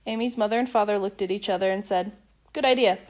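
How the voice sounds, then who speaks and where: A woman reading a children's picture book aloud in a lively, expressive way. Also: mid-range voice, fast. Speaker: storybook reader.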